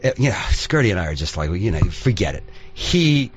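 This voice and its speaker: A man as a talk show guest telling a story in casual, profane, animated chat. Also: on the low side, brisk, breathy edge, muffled recording. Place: radio studio.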